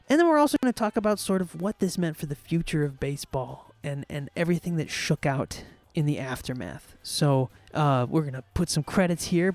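A man's voice: fairly high pitch, darkish tone, no echo. A man hosting a podcast, telling a history story with wry, joking asides. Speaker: podcast host.

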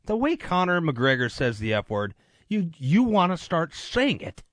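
A man's voice: a little high, very animated, unhurried, fairly bright tone, no room sound. A man filling in as radio host, talking sports in a casual, rambling, joking way in a studio. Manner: rambling, joking, self-deprecating.

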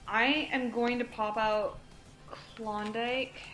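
A woman's voice: fairly high pitch, steady tone, slow pace, fairly bright tone, slight background noise. Woman player in an echoey room. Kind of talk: tabletop game play.

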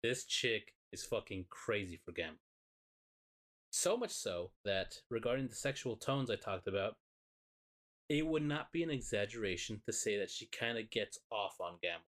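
A man, a podcast co-host, excitedly and profanely retelling a show in casual chat. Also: lowish voice, moderate pace.

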